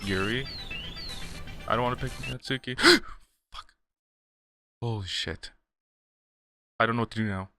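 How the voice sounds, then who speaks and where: A man's voice: mid-range voice, a little slow, long pauses, bright, forceful tone. A man commentating while playing a visual novel, jittery and exclaiming at what happens. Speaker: gaming commentator. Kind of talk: let's play commentary. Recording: game music behind.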